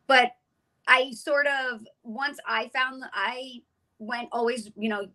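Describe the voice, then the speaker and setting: A woman in her forties with a bright, sharp voice tells her story as an interview guest. She talks with feeling and acts out the lines of the people in her story. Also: fairly high pitch, unhurried, poor audio. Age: 40s. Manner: animated storyteller, acts out quoted dialogue.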